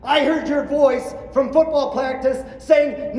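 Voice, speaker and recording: Middle-aged male clinic speaker, high voice, storytelling talk heard from a distance in a big room. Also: lively intonation, a little slow, hardly any pauses. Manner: storytelling, acting out quotes, swings from quiet to shouting. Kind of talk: motivational speech to coaches. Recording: roomy hall, distant mic, faint ambience.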